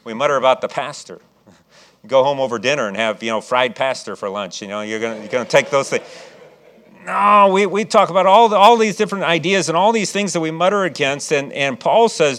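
A man's voice: a little high, expressive, a little fast, a bit bright. A man from Chicago preaching a sermon as pastor, with folksy asides and frequent restarts.

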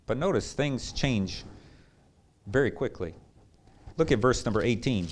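A man preaching a sermon as pastor, swinging between loud, excited bursts and hushed, low asides. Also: measured pace.

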